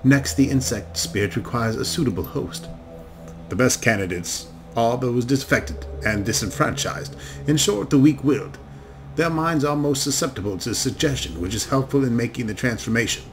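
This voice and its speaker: A man's voice: mid-range voice, moderate pace, faint music behind, natural voice. A man doing a sardonic painted elf. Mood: lecturing. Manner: wry, lecturing.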